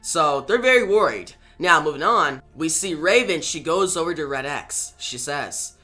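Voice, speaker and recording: A man with a bright, forceful voice retells a comic book story in a casual, chatty way. His voice sits a touch high for a man, and soft music plays underneath. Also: lively intonation, normal speed.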